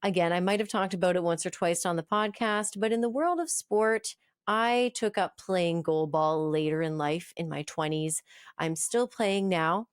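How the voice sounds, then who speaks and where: A woman's voice: on the low side, moderate pace, clean tone, dry recording, studio quality. A woman in her thirties hosting a podcast, chatty and friendly with a self-deprecating touch. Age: 30s. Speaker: podcast host.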